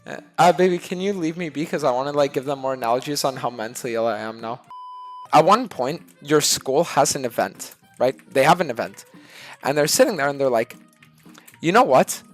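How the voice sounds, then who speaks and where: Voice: medium pitch, brisk, faint music behind. A gaming streamer telling a rambling, profane story in casual chat, acting out other people's voices along the way. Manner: swears constantly, acts out voices mid-story.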